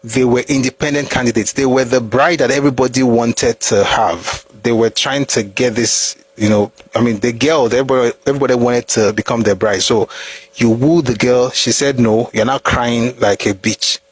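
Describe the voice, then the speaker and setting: Husky-voiced Nigerian man, animated commentary. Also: medium pitch, moderate pace. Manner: animated, rhetorical questions, mixes pidgin. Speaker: history commentator. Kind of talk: opinionated commentary to camera.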